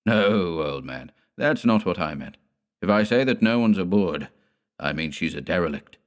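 A man voicing a sober, steady older lighthouse chief who speaks dryly, in an audiobook horror story. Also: deep voice, moderate pace. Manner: sober, dry, matter-of-fact.

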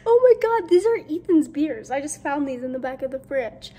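A woman's voice: high voice, big pitch swings, a little fast, heavy background noise. A woman vlogging to her phone in casual chat, rambling and jokey, laughing often and swearing. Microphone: phone camera.

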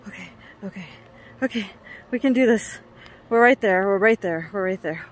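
A woman vlogging outdoors on a mountain trail into a handheld camera, tired and out of breath, often exclaiming in a nervous, breathy way. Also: medium pitch, moderate pace. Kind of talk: casual vlog narration while hiking.

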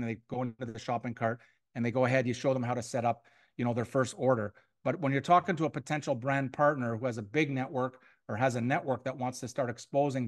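A man giving a motivational sales training to a room of people, repeating key points and acting out sample phone calls. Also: mid-range voice. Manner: energetic and repetitive, acts out sample phone calls. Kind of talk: motivational training talk to a live audience. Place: room with an audience.

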